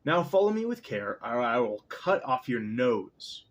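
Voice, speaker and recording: A man's voice: medium pitch, very animated, measured pace. A man reading as a teasing, lordly pharaoh. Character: playful, menacing male pharaoh host. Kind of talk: casual read-aloud.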